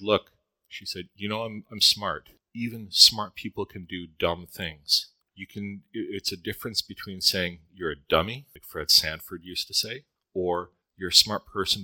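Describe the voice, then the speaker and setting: A man with a very low voice and a strikingly bright, forceful tone delivers a conversational sermon. He walks through scripture and drops into homely personal anecdotes. The sound is dry and close, with almost no room. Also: no room sound, rough recording. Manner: conversational Bible teaching with personal stories. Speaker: preacher.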